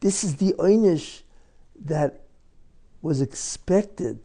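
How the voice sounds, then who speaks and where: Older rabbi preaching hard, gravelly dark voice, lots of who-are-you questions. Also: male voice, on the high side, slow. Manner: animated, rhetorical questions, swings between shouting and hushed. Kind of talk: impassioned religious lecture.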